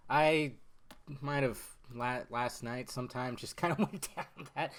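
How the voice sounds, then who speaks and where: A young man hosting his own podcast, chatting casually, swearing freely and swinging between loud outbursts and mumbled asides. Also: fairly high pitch, normal speed. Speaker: podcast host. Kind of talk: casual solo podcast chat.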